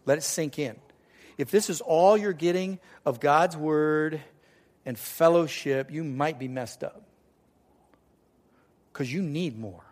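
A middle-aged male pastor delivers a sermon in a voice that sits somewhat high for a man. He tells stories with animation and brings the people he quotes to life. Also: slow, long pauses, a little mellow.

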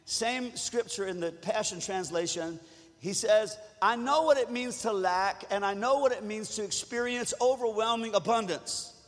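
A high-pitched man preaching a sermon in a church, his voice carrying a long hall reverb. He talks easily with the congregation and builds to loud calls for them to join in. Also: moderate pace. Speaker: pastor.

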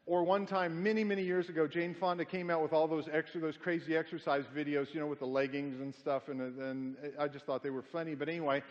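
A middle-aged male pastor preaches emphatically, mixing rhetorical questions with folksy, humorous stories. His voice sits high for a man, and a long hall reverb trails each phrase. The sound is dull and lo-fi. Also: flat delivery, fast, few pauses. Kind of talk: sermon.

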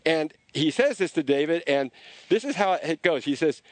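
Animated man preaching, slightly high voice. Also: normal speed, dry recording. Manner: animated, frequent restarts. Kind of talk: conversational sermon storytelling.

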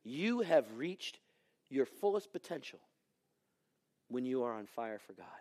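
A middle-aged pastor preaches a sermon in a slightly high, very animated voice. He drops to near whispers and then climbs to shouts. The pitch moves all over the place. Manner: animated, swings from hushed to shouting.

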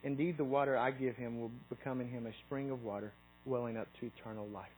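A man's voice: mid-range voice, steady tone, fast, darkish tone, faint music behind, poor audio. A middle-aged man giving a conversational sermon, often restarting his sentences and reading scripture aloud. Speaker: preacher.

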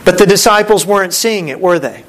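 A man's voice: sits high, brisk, fairly bright tone. A middle-aged man, a pastor, preaching a conversational sermon and acting out the disciples' lines.

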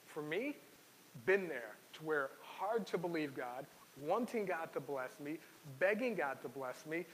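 A man's voice: on the high side, fairly bright tone. A man preaching a sermon in an earnest, personal way, reading scripture aloud and telling his own story. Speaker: pastor. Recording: long hall reverb with faint hiss.

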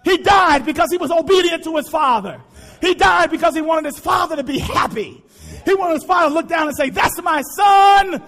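A male pastor preaching a sermon, impassioned and repetitive, often shouting to the congregation. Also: very high voice, normal speed.

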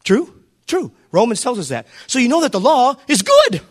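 A man preaching a sermon as pastor, swinging between shouted appeals and quiet asides and putting questions to the congregation. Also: very high voice, wildly swooping pitch, moderate pace, breathy edge. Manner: preaches with fervor and calls out to the listeners.

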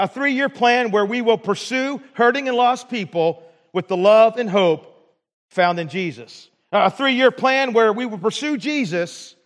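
A man preaching a sermon as pastor in a church, earnest, often restarting his phrases and asking "right?". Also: high-pitched. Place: church sanctuary. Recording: long hall reverb of a church.

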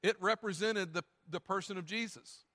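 Bright-voiced pastor preaching in a sanctuary. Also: male voice, sits high, moderate pace, big-room sound. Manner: conversational, joking asides, reads scripture aloud. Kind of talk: sermon. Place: church sanctuary.

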